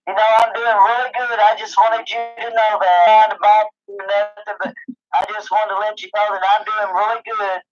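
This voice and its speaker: Earnest higher-voiced woman caller, lo-fi. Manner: earnest, reassuring, rambling. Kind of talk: call-in chat.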